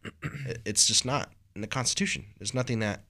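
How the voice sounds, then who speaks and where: This young man co-hosts a podcast, and his chat wanders loosely from story to story, heavy on "like" and "bro" aimed at his friend. He speaks in a mid-range voice at a moderate pace, with a bright, forceful tone.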